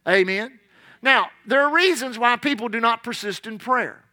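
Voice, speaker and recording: A man's voice: very high voice, moderate pace, pushed and bright. A man preaching a sermon, emphatic and storytelling, repeating his key lines.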